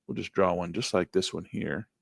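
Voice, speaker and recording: A middle-aged man giving a live trading lesson in a folksy, upbeat way, losing his voice and clearing his throat. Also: low voice, moderate pace, fairly bright tone, no echo, studio quality. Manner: folksy, upbeat, talks while clicking through charts. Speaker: trading instructor.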